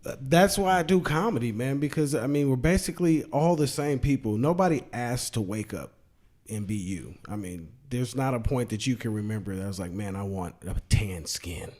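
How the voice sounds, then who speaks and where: A man's voice: mid-range voice, expressive, brisk, darkish tone. A man, a comedian guest, speaking bluntly and loosely with profanity in a casual panel discussion.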